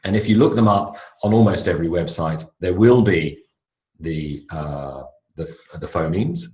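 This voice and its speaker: A man teaching English pronunciation in a relaxed, conversational lecture, with asides and restarts. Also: low voice, normal speed, lo-fi sound. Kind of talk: recorded lecture. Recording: echoey room.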